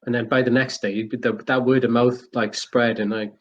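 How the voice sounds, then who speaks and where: A young man co-hosting a casual podcast, joking and animated, his voice climbing when amused. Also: mid-range voice, a little fast, dull audio. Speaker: podcast co-host. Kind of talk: casual chat.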